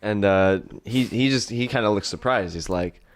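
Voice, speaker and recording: A man's voice: fairly low pitch, moderate pace. A young man co-hosting an improvised comedy podcast, narrating with frequent laughs and "and, uh" fillers. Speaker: podcast co-host.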